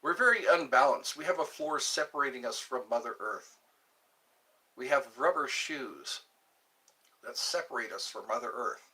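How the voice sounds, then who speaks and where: A man's voice: mid-range voice, sharp tone. A man hosting a live stream, chatting casually and rambling between musings and viewer comments.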